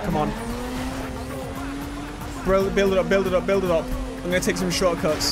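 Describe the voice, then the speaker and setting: A man hosting a racing-game let's play, rambling and excitable, yelling one moment and muttering the next. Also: high voice, moderate pace, long pauses. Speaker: gaming channel host. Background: racing game music and engine sounds.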